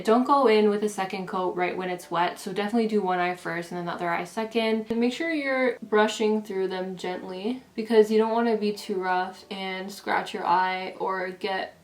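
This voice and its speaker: A woman vlogger chatting her way through a makeup tutorial, her talk loose and sprinkled with "like". Her voice sits at an ordinary middle pitch. It rings a little in a roomy, echoey space at home. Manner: chatty, with frequent "like" fillers. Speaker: beauty vlogger. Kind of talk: casual makeup tutorial and storytelling. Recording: roomy echo.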